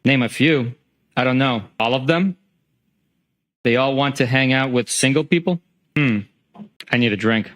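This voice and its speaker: Man flatly reading texts aloud in court. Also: medium pitch. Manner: steady, matter-of-fact reading with occasional filler. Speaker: trial witness. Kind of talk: reading text messages aloud in court testimony.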